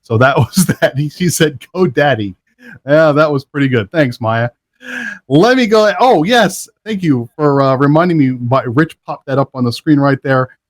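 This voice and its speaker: A man's voice: on the high side, animated, moderate pace. Chatty upbeat male show host. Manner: upbeat, chatty, laughs often. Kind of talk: casual live show hosting.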